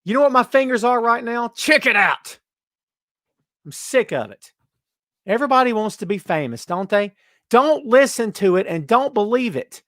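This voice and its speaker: A man's voice: very high-pitched, expressive, normal speed, a bit bright, dry recording, clean studio sound. A man hosting a wrestling podcast, ranting emphatically and repeating himself, then answering chat questions casually. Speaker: podcast host.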